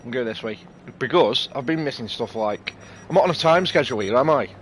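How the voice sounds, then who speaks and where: A man's voice: medium pitch, expressive, brisk, a little hiss or hum. A British man chatting casually and rambling as he streams a game, laughing easily. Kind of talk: casual live stream chat.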